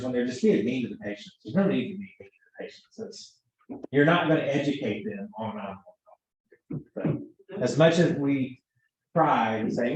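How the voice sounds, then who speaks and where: Teaching an EMT class, a man with a darkish, mid-range voice shares stories from the job and acts out what people said in them, in a chatty, storytelling manner. The room echoes, the mic sits far away, and the sound is dull.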